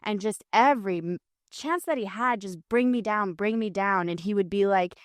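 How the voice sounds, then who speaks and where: A woman's voice: medium pitch, moderate pace, clear, resonant tone, no room sound, clean studio sound. Candid woman with a French accent. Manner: candid storytelling, long rants. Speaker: podcast co-host, former radio host. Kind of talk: casual chat.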